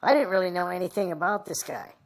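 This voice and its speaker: Low-voiced woman telling a rambling story. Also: expressive. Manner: halting and rambling, full of "you know". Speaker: interviewee. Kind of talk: recounting a personal story in an interview.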